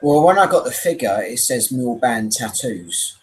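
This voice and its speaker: A man's voice: medium pitch, expressive, unhurried, low-quality recording. Laid-back man chatting on a stream. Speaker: live stream host. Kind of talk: casual live stream chat.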